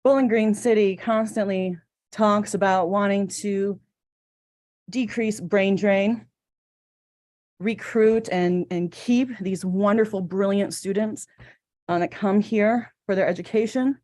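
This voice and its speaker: Casting: woman in her forties, mellow voice, heartfelt public comment, a little choked up. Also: medium pitch, fairly even intonation, takes it slowly. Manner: earnest, emotional, a little choked up. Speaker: resident giving public comment. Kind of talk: public comment at council meeting. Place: city council chamber.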